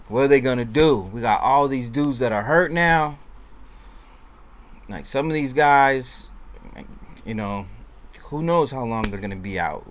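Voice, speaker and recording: A man talking in a loose, rambling way, his voice at an ordinary middle pitch. He vents like a fan, sometimes deflated and sometimes fired up. A faint hum of room noise sits under his voice. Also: moderate pace, long pauses. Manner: loose, rambling, swings between deflated and excited. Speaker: sports fan vlogger. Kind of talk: casual rambling commentary.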